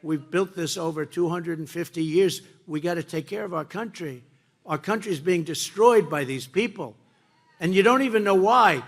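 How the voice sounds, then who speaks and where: Emphatic, gravelly man at a rally. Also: normal speed. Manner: emphatic and repetitive, jumping between loud bursts and low asides. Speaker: political speaker at a rally. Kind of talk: rally speech. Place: campaign rally before a crowd.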